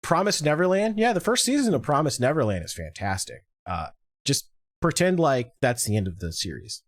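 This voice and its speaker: A man's voice: fairly high pitch, very animated, moderate pace, no room sound. A man hosting a casual podcast, talking animatedly and swearing freely as he reads through a list of awards. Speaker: podcast host. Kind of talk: casual chat.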